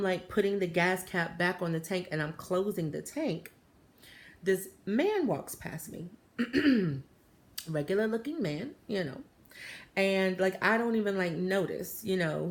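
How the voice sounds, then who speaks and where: A woman, telling a story to her viewers in a chatty, animated way, full of fillers and asides. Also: medium pitch, gravelly. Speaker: vlogger. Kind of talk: casual storytelling to camera.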